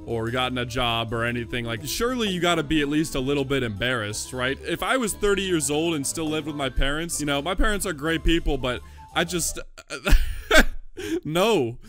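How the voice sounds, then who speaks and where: A man's voice: fairly high pitch, very animated, normal speed, pushed and bright, faint music behind. A young man giving casual, sarcastic reaction commentary as a YouTube host, rambling with lots of filler words.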